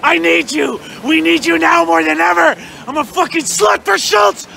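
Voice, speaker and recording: A frantic young superfan, as a man puts him on, yelling his pleas in a very high, bright, strained voice. He rambles and begs crudely with a gravelly edge to his shouting. Faint street noise sits behind him outdoors. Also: normal speed, full character voice. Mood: shouted begging. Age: young adult. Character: manic, desperate young male political superfan. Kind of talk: improvised comedy rant.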